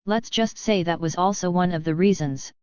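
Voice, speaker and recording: A laid-back, smooth-talking male mechanic, read by a woman in an audiobook. His voice is dry and unflappable, lowish and very clear. The recording is dead dry and dull. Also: normal speed, a little mellow, no echo, close to an everyday voice.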